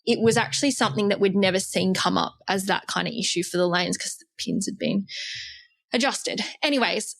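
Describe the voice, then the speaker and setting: A woman hosts a podcast and tells a story at a relaxed, conversational pace. She talks in a casual, chatty way and uses "like" often. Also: mid-range voice, a little fast, vocal fry. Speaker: podcast host. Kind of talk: casual chat.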